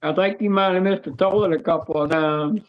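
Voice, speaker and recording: A woman's voice: lowish voice, fairly quick, muffled recording. A woman co-hosting a livestream in casual chat, telling rambling, crude stories. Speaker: livestream co-host.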